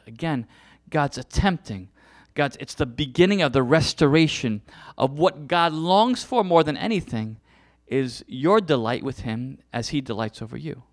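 A middle-aged man preaching a passionate sermon, full of restarts and repetitions. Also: medium pitch. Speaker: pastor.

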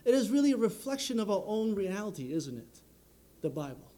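A man preaching a sermon in an earnest, measured way, often filling pauses with "you know". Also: high-pitched, sing-song, mellow.

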